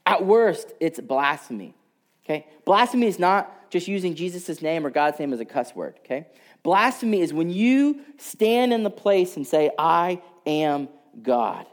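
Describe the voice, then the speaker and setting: A man preaching a sermon, telling a story and moving between loud passages and hushed, whispered lines. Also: high voice, expressive, normal speed. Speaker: pastor.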